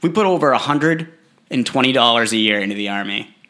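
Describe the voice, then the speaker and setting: A man's voice: mid-range voice, lively intonation, a little fast, pushed and bright. A young man co-hosting a podcast, making absurd claims in a mock-earnest, rambling way. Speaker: podcast co-host. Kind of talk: casual comedic chat.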